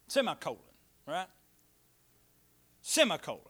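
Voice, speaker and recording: Male pastor, high bright voice, sermon with call-and-response, big shifts in loudness. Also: big pitch swings, a little slow, long pauses. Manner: preaching with call-and-response, swinging between soft asides and loud emphatic lines.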